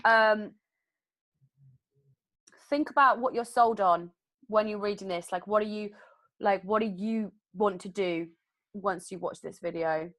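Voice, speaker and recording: A woman giving casual tips in an online class, relaxed and rambling. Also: medium pitch, unhurried, long pauses. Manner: relaxed, rambling, many fillers. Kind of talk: casual explanation.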